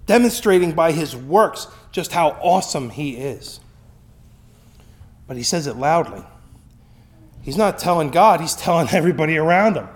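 High-voiced conversational male preacher. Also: animated, normal speed, long pauses. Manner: conversational, with frequent tag questions. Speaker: pastor. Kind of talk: sermon.

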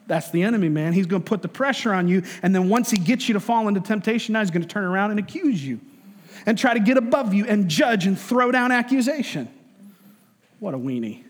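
A male pastor delivers a sermon in a relaxed, conversational way, throwing in jokes and acting out little voices. His voice sits a bit high, and a long reverb from a large hall trails his words. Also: fairly quick. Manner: conversational and joking, acts out voices.

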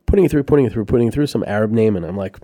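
A man's voice: fairly low pitch, expressive, racing, mellow, dry recording, studio quality. A man, a company founder and podcast guest, telling rambling, profane anecdotes in casual chat.

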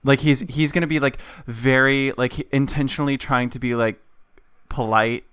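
Smooth-voiced man playing a tabletop game. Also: medium pitch, fairly even intonation, a bit bright, dry recording, clean studio sound. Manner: halting, lots of likes and restarts. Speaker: player.

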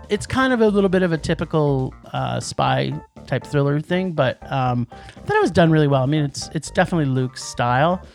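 A podcast co-host reviewing movies in casual chat, enthusiastic and rambling, often restarting sentences. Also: medium pitch.

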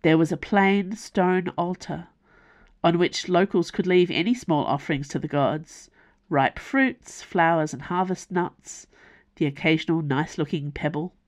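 A woman reading her own fantasy novel aloud as audiobook narration, measured and unhurried. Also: on the low side. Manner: slow, measured storytelling.

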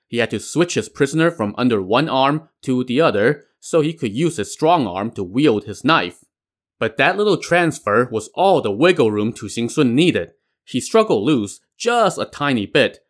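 A man's voice: mid-range voice, a bit bright. A man narrating a classic tale with wry, conversational asides. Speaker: storyteller. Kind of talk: storytelling narration.

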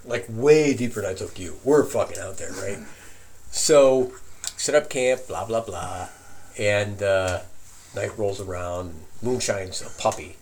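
A man casually telling a profane campfire story, animated and often laughing as he recounts it. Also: lowish voice, a little hiss or hum.

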